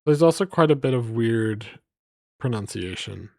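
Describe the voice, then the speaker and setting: Guy on a live stream chatting away, mid-pitched voice, dry close sound. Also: animated, moderate pace, gravelly, dark tone, no echo. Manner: rambling, playful, reading place names aloud to chat. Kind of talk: casual live-stream chat.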